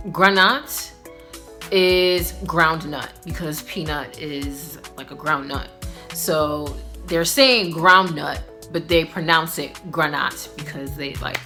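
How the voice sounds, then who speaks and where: A young woman gives a casual, upbeat language lesson. Her voice sits a little low but rings bright and forceful, full of fillers as she chats. Soft music plays faintly behind her. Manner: chatty, filler-heavy, upbeat. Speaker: language teacher vlogger.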